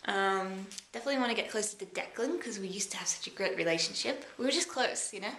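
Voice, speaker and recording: Young Australian woman, thoughtful and halting, talking to camera in an echoey room. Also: mid-range voice, fairly bright tone. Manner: rambling, reflective, halting with many fillers. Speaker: vlogger. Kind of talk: rambling personal time-capsule vlog. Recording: echoey room with faint background noise.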